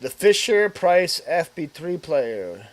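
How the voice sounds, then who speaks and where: A man's voice: a little high, sing-song, takes it slowly, no echo. Rambling casual man live-streaming. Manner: rambling, heavy on filler words; reads viewer comments aloud and answers them.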